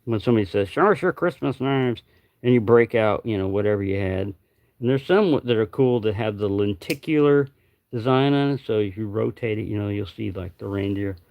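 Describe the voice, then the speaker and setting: A man's voice: on the low side, fairly quick, creaky, dull audio. A man hosting a casual livestream at home, rambling and joking, sometimes mumbling asides to himself. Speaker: livestream host.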